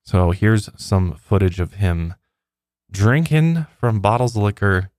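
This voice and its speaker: A man's voice: on the low side, slow, a little mellow, no room sound. A man co-hosting a podcast, casually reading out odd news stories and laughing often. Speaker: podcast co-host.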